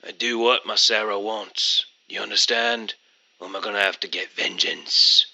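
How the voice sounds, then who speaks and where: A man voicing a bright attentive AI phone voice. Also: on the low side, normal speed, vocal fry, heavily acted. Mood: tough. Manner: polite, formal, flattering. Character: smooth male AI phone companion, attentive.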